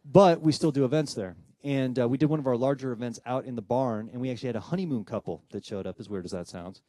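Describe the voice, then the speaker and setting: A man who works as a paranormal investigator, telling a personal ghost story with animated, dramatic delivery and acting out the voices of people in the story. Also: mid-range voice, no echo. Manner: dramatic pauses and tension building.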